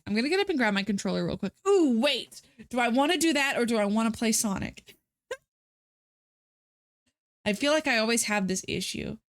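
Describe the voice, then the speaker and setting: Exasperated young woman streamer ranting. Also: fairly high pitch. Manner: ranting, exasperated, dramatic outbursts. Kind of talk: casual live-stream chat.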